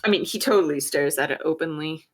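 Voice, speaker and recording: A woman player in a tabletop game, narrating her character with dry, deadpan humor. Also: deep voice, quick pace, poor audio. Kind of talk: casual tabletop play.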